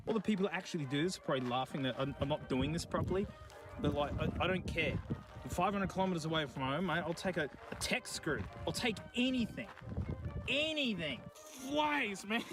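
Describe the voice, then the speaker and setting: Lively high-voiced Australian man. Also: moderate pace, over music. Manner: chatty, jokey, talks to the things he finds. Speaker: streamer. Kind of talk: casual vlog chat. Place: outdoors in remote bushland.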